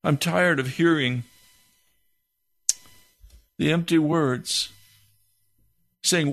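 Man, gravelly voice, fairly high pitch, slow pleading prayer, heavy-hearted. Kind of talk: impassioned spoken prayer.

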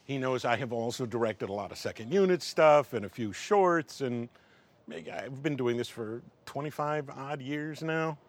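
This middle-aged man talks at normal speed with a medium pitch while recounting a wry anecdote in an interview. A guest from the film world, he's lively and voices the dialogue himself.

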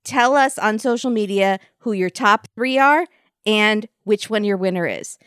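A woman's voice: medium pitch, measured pace, fairly bright tone, clear, resonant tone, no room sound, studio quality. A woman hosting a podcast in casual, joking chat, laughing often. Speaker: podcast host.

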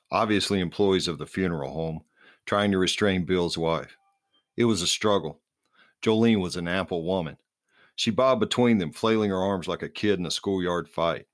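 Deep-voiced man reading his novel. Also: dry recording, studio quality. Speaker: author.

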